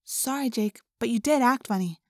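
An earnest, worried teen girl, read by a woman, voiced noticeably higher. The recording is dry and close. She speaks earnestly, with some hesitation. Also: normal speed, no echo, close to an everyday voice. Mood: hesitant. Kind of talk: audiobook character reading.

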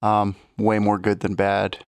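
A man's voice: on the low side, monotone, unhurried, clear, resonant tone, no echo, studio quality. A man chatting casually and easily on a podcast, laughing at his own stories. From lives in Colorado. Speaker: podcast guest. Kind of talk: casual chat.

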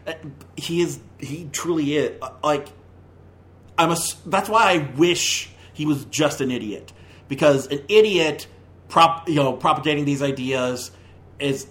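A man's voice: medium pitch, a bit bright. A man hosting a movie podcast, ranting in a heated, opinionated way, with many stumbling restarts. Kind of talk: casual opinionated review.

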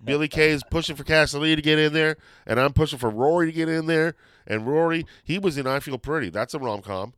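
A man hosting a podcast in casual chat, rambling and excitable, often losing his train of thought. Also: fairly high pitch, quick pace, clean tone, no echo. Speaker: podcast host.

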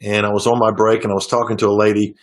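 A middle-aged singer-songwriter talking casually in an interview, telling long stories with many restarts and fillers. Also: male voice, lowish voice, level tone, very fast. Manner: rambling storyteller with frequent restarts.

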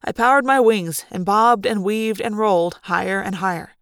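A woman reading a fan audiobook, narrating in first person with lively, dramatic delivery. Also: mid-range voice, normal speed, clear, resonant tone, no room sound, clean studio sound. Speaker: audiobook reader.

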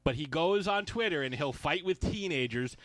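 A man's voice: a little high, expressive, normal speed, a bit bright, no echo. A man co-hosting a casual sports podcast, ranting and swearing freely, often mimicking heckling fans. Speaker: podcast co-host.

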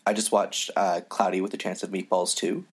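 Very low-voiced, halting man. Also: flat delivery, husky. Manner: hesitant, halting, full of "uh" and "um". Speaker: podcast co-host. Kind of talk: casual discussion of a comic.

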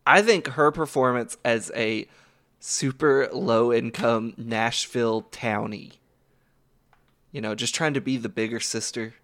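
A man from the American South talks films on a podcast. His voice is gravelly and sits at a middling pitch, and he is loose and animated with plenty of fillers. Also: measured pace. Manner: loose and animated, swears casually, many fillers. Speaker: podcast co-host. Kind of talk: casual film podcast chat.

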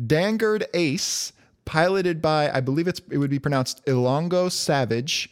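A man's voice: fairly high pitch, measured pace, smooth. A man co-hosting a casual comedy podcast, explaining things with wry, joking asides. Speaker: podcast co-host. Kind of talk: casual comic-book podcast chat.

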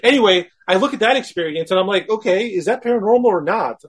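A man with a high, husky voice tells a story as a guest. He is animated and frank, and he pokes fun at himself as he acts out what he was thinking. The delivery stays conversational and casual. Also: quick pace. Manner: animated, acts out his own quoted thoughts.

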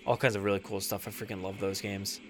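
A man's voice: lowish voice, level tone, quick pace. A young man co-hosting a podcast, chatting casually while playing a video game, laid-back, trailing off with fillers and swearing often. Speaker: podcast co-host. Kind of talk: casual chat while gaming.

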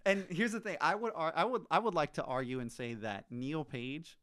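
A man in casual movie chat, animated and ranting, swearing freely. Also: a little high, moderate pace, clear, resonant tone.

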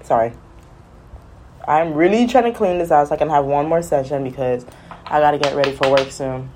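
Mellow-voiced woman ranting casually. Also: deep voice, brisk. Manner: rambling, exasperated storytelling. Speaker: vlogger. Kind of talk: casual chat.

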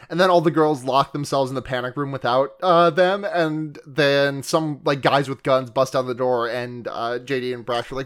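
A man co-hosting a casual podcast, retelling a movie scene by scene with lots of fillers, crude jokes and quick impressions of the characters. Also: mid-range voice, clean tone. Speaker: podcast co-host recapping a movie. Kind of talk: casual chat.

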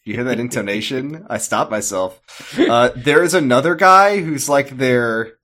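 A man's voice: mid-range voice, lively intonation, normal speed, sharp tone. A man co-hosting a podcast, recapping a TV episode in a casual, rambling and jokey way. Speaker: podcast co-host.

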